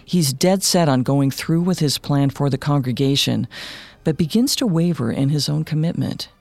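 A man narrating a scripted true-crime story in a measured, matter-of-fact way. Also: fairly high pitch, expressive, vocal fry, darkish tone, no room sound. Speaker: podcast narrator.

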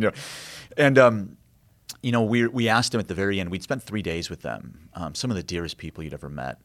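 A man's voice: deep voice, a bit bright. A man, a guest author, telling stories earnestly and reflectively in conversation, with frequent fillers and restarts. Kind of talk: conversational storytelling.

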